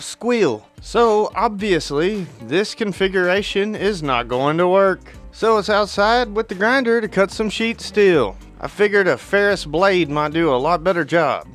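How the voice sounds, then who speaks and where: A man's voice: high voice, fairly bright tone. A man from northern Alabama narrating his guitar electronics build in a plainspoken, matter-of-fact way.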